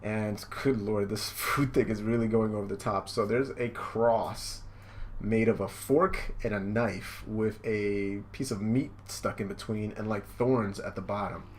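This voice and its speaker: A man's voice: lowish voice, steady tone, unhurried, a little hiss or hum. A young man reading and reacting to a manga live, rambling and amused, with many fillers.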